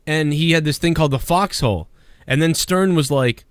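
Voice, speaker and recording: A man's voice: a little high, fairly quick, clean tone, no room sound, clean studio sound. A man hosting a crude, profane podcast chat, rambling and mocking. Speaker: podcast host.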